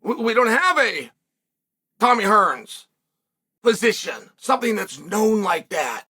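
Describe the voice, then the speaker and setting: A man's voice: high voice, sing-song, unhurried, pushed and bright, breathy edge. A middle-aged man hosting a commentary monologue for viewers, emphatic, repeating words and asking rhetorical questions. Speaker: host and former fighter.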